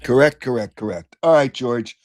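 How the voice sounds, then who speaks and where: Blunt older sports radio host with a cold. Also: male voice, mid-range voice, normal speed. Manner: blunt, opinionated, flares into shouting. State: recovering from a cold, throat-clearing. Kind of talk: call-in sports talk.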